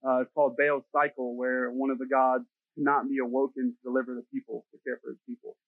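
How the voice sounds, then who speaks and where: A man's voice: mid-range voice, flat delivery, quick pace, dry recording. A middle-aged man preaching a sermon in a jokey, self-deprecating, conversational way. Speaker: pastor. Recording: dry, tinny phone-like sound.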